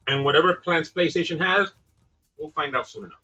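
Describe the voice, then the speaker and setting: Wry co-host, bright but husky. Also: male voice, a little high, brisk. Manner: wry, joking, swings loud and soft. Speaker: podcast co-host, gaming specialist. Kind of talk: casual chat. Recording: dull lo-fi sound with faint music.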